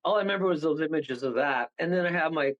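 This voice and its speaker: A man guest on a radio show, telling rambling, animated stories and laughing partway through them. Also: a little high, fast, dull audio. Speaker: paranormal guest. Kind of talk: casual storytelling on a radio show.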